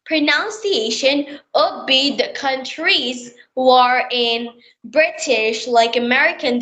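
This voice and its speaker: A woman's voice: high voice, bright, forceful tone. A woman hosting a conversational English practice podcast, who explains her points at length. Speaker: podcast host.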